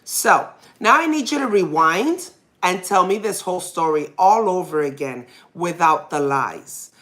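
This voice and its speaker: Candid mom-host, lowish voice, chatty and rambling, laughs off her nerves. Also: animated, unhurried, a bit bright. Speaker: podcast host, mother. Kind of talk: casual personal storytelling.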